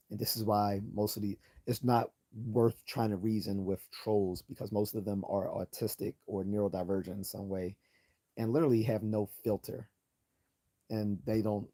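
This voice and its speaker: A man hosting a late-night livestream, talking bluntly and sarcastically while hoarse from losing his voice. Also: on the low side, mellow. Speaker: livestream host.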